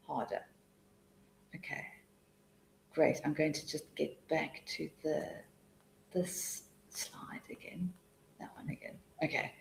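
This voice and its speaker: A woman with a lowish voice runs a live webinar for language teachers, talking in a loose, chatty way that keeps restarting mid-sentence. She drops into quiet mutters to herself while she clicks between slides. It's recorded through a computer mic in an echoey room. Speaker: webinar presenter, TEFL trainer.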